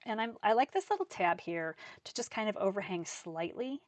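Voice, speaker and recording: A woman leading a live card-making demonstration, full of enthusiasm for her papers and stamps. She talks viewers through every step in a friendly, chatty way, her voice sitting at an ordinary middle pitch. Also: lively intonation, moderate pace, a little hiss or hum. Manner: chatty and enthusiastic, narrating each step aloud. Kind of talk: live craft class demonstration.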